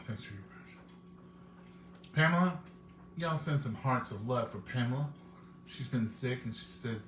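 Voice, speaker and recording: A man's voice: medium pitch, expressive, measured pace, pauses often, a bit bright, reverberant, a little hiss or hum. A man, hosting a live cooking stream and chatting with viewers in a homey, folksy way. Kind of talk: casual chat to viewers.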